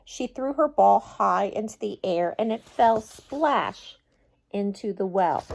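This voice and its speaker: Slow, gentle woman reading a storybook. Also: mid-range voice, gravelly. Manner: slow, gentle and expressive, chatting with young listeners. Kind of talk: reading a picture book aloud to children.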